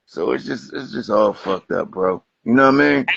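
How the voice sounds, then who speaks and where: A man from Atlantic City talks as a guest on a livestream, animated and profane. His voice has a gravelly rasp. The lo-fi stream audio sounds dry and close. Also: mid-range voice, normal speed, no echo. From Atlantic City, New Jersey. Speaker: guest rapper. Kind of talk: casual interview chat. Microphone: Instagram Live stream.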